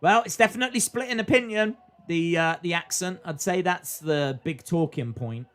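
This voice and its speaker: A man's voice: a little high, moderate pace, a bit bright. A man hosting a live stream, chatting casually as he reacts to a wrestling show and reads viewer comments aloud.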